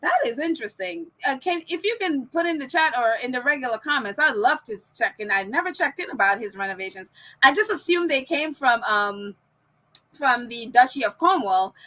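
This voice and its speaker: Woman podcast host, high and bright, chatty ranting delivery with lots of laughs. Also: animated, brisk. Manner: ranting, laughs often between phrases. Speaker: podcast host reading viewer comments. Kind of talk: casual opinion chat.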